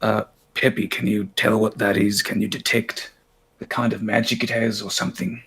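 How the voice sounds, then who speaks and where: Tabletop player, man, lowish voice, matter-of-fact about his moves. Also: level tone, moderate pace, vocal fry, a bit bright, slightly rough. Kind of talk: casual tabletop play.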